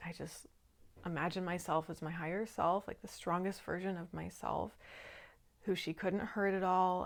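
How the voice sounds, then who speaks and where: A woman who works as a shadow work coach, telling a personal spiritual story in a calm, earnest way. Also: on the low side, vocal fry.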